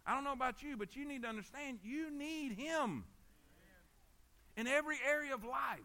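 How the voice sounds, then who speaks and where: A man preaching a sermon. His voice is high and bright. He repeats himself for emphasis and keeps asking the congregation for an amen. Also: normal speed. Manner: emphatic, repetitive, calls for amens. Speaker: pastor.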